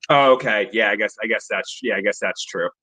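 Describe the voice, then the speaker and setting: Male caller, bright, tense tone, rambling and restarting often. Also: fairly low pitch, brisk. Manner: rambling, stumbling over words. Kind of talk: call-in chat.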